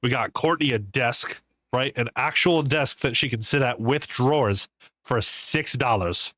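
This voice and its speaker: A man's voice: medium pitch, measured pace, no room sound. A man co-hosting a podcast in casual chat, telling crude jokes and stories and laughing often. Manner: crude joking, laughs often, animated storytelling. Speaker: podcast co-host.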